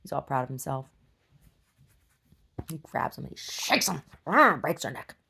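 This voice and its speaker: A woman's voice: low voice, very animated, moderate pace, vocal fry, pushed and bright, slightly rough. A woman vlogger rambling to herself in a casual video diary.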